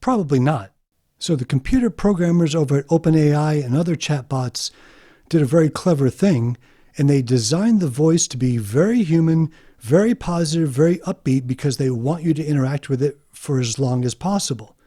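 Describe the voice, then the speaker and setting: A man hosting an explanatory video monologue, emphatic and deliberate, slowing down to stress key points. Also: fairly high pitch, expressive, dark tone. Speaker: video host.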